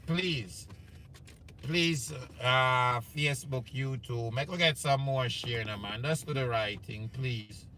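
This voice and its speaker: A Jamaican man hosts a live talk show with a bright, forceful voice. He is chatty and encouraging, with faint room noise behind him. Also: mid-range voice, takes it slowly. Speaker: host.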